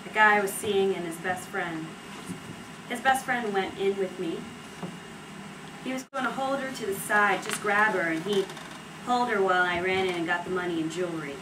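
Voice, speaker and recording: A woman's voice: medium pitch, moderate pace, recorded from a distance, lightly acted. An actress playing a young woman from a Puerto Rican family in a stage monologue, speaking in a wry, matter-of-fact way. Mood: somber. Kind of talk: stage monologue based on an interview. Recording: echoey stage recorded from afar, steady noise.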